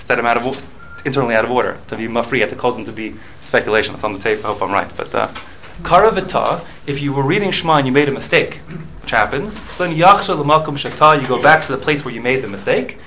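A man's voice: medium pitch, animated, fast, hardly any pauses, bright, forceful tone, slight background noise, poor audio. Man teaching a casual study class. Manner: explanatory, sprinkles Hebrew and Aramaic study terms; conversational, checks in with listeners.

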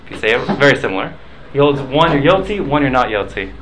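A man's voice: mid-range voice, very animated, fast talker, background noise. A man leading a casual study class, explaining points patiently, mixing in Hebrew and Aramaic study terms and checking in with listeners. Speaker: Talmud class teacher.

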